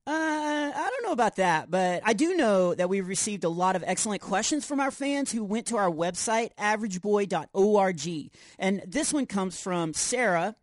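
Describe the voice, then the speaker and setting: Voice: medium pitch, lively intonation, moderate pace, few pauses, no room sound, close to an everyday voice. Adult playing a goofy, boastful boy hero for a kids' podcast, bouncy sing-song delivery, dry studio sound. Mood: cheerful. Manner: boastful, self-deprecating jokes. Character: goofy overconfident boy superhero. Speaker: co-host. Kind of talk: scripted kids' podcast comedy.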